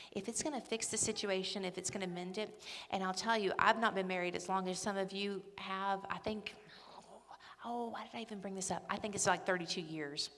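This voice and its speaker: A woman's voice: medium pitch, a little fast, a bit bright. A middle-aged woman speaking at a church ladies' day, chatty, humorous and emphatic. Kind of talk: church talk. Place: church hall. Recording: echoey hall with long reverb.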